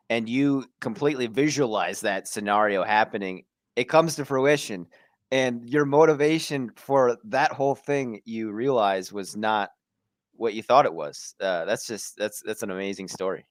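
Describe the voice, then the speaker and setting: A man's voice: on the low side, no echo. A man hosting a podcast interview, reflective and affirming as he sums up his guest's points. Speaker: podcast host.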